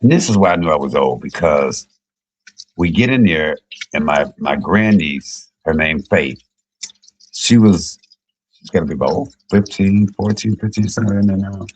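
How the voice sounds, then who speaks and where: A middle-aged man, a comedian, telling profane, joking stories on a casual livestream and jumping high in pitch when he quotes people. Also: expressive, normal speed, breathy edge, low-quality recording. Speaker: comedian and YouTube cook.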